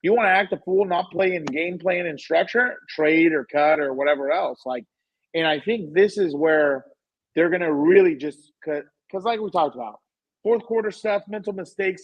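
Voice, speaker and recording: A man's voice: high-pitched, moderate pace, breathy edge, no room sound, dull audio. A man co-hosting a casual sports podcast, opinionated and emphatic, often repeating himself. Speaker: podcast co-host.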